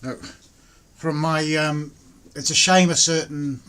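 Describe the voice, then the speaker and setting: A man hosting a relaxed home livestream, chatting casually and greeting viewers by name. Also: a little high, slow. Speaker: livestream host. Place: home, indoors.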